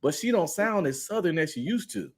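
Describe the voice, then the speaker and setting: A man's voice: a little high, animated, fairly quick. A man as a podcast guest in casual chat, slangy and joking with frequent laughs.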